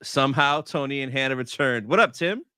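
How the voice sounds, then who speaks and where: A man's voice: medium pitch, lively intonation, brisk, sharp tone, smooth, no room sound, clean studio sound. A man co-hosting a live stream, upbeat and casual as he greets viewers in the chat.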